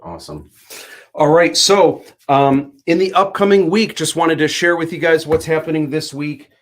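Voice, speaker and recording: A man's voice: on the high side, lively intonation, moderate pace. A man hosting a casual livestream, announcing upcoming plans in an upbeat way with many ums. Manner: upbeat announcer-like, hesitant with fillers. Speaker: host.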